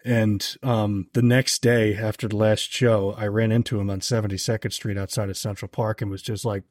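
A man guesting on a podcast, telling an anecdote in a casual, animated way, with lots of "like" fillers. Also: normal speed, no echo, clean studio sound. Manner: animated, heavy on "like" fillers, jumps higher when quoting others. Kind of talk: casual storytelling chat.

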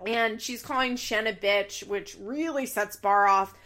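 A woman hosting a podcast, recapping a reality show in casual, animated chat with laughs and swearing. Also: on the high side, a little slow.

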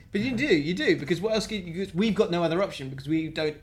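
A man's voice: sits high, expressive, fairly quick, background noise. A man, co-hosting a podcast with dry, teasing remarks. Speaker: podcast co-host. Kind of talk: casual banter.

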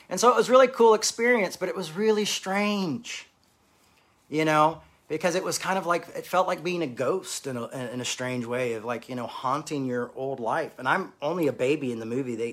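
A man in his forties candidly telling a personal story, rambling and halting with many fillers and restarts. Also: a little high, a bit bright. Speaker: speaker sharing a personal story.

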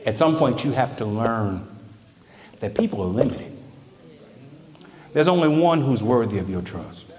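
A man preaches in a large church sanctuary. His delivery is slow and deliberate, lingering on each phrase before climbing into loud, high cries and then dropping to a low murmur. His voice rings through a roomy hall with a long reverb tail. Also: very animated. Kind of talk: sermon.

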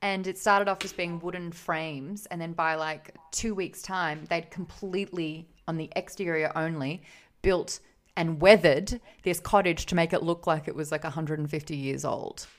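An Australian woman in casual podcast chat, with a lowish voice. She laughs often and acts out little bits of dialogue as she tells her stories. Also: fairly even intonation, normal speed. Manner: laughs often, plays out quotes in storytelling. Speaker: podcast co-host.

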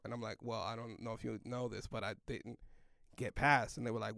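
A man's voice: mid-range voice, a little fast, gravelly, no echo, clean studio sound. A young man, a comedian, telling a rambling story in loose slang, full of "like" and "yo". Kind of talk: casual storytelling in a podcast chat.

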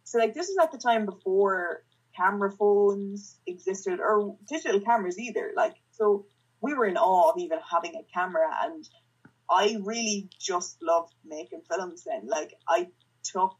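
A woman's voice: mid-range voice, normal speed, husky, muffled recording. A young woman chatting casually as a podcast guest, laughing often and joking about herself. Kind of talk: casual chat.

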